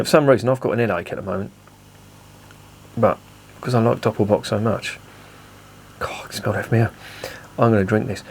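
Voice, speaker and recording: A man's voice: on the low side, slight background noise. A man giving a casual beer review, blunt and enthusiastic, swearing freely.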